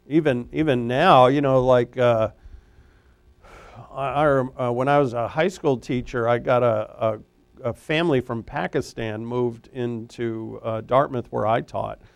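A man preaching an expository sermon in a conversational, animated way, often restarting his sentences. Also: mid-range voice, gravelly, no room sound. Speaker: pastor; former high school teacher.

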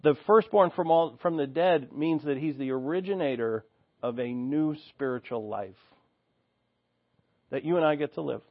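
A man's voice: a little high, normal speed, dry recording, narrow, tinny audio. Earnest preacher man teaching scripture. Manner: earnest teaching, reads scripture aloud then explains it. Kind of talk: expository sermon.

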